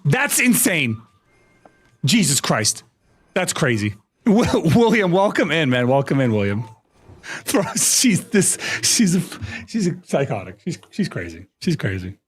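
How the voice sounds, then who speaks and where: Animated, exasperated young male streamer. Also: fairly high pitch, a little slow, husky. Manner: exasperated, swearing, laughing at chat. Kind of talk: live stream chat. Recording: faint music behind. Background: faint music.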